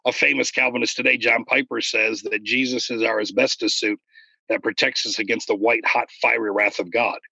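A man in casual conversation about faith, explaining earnestly and getting animated when he retells stories. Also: medium pitch, a little fast, vocal fry, husky, no echo, muffled recording.

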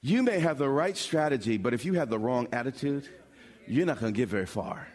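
A pastor preaching a sermon, building from explanation to bold, emphatic calls with dramatic pauses. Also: male voice, mid-range voice, animated, darkish tone. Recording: long hall reverb.

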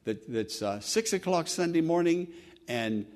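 A man preaching a sermon as pastor, earnest and conversational, swinging from fervent emphasis to soft, quiet phrases. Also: fairly high pitch, expressive, unhurried. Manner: repeats words and restarts, conversational preaching.

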